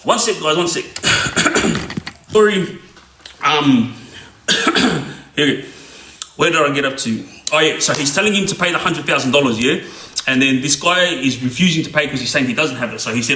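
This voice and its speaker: A man's voice: a little high, lively intonation, moderate pace, pauses often, bright, forceful tone, echoey room, slight background noise. A man telling a crime story casually, streetwise, often checking in with "yeah?". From Australia. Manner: streetwise, repeats "yeah?" to listener.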